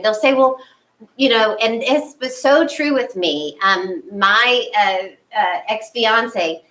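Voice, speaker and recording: Woman spiritual leader, fairly high, bright voice; chatty sermon with acted-out asides, distant mic. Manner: animated, acts out her own inner thoughts. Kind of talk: conversational sermon.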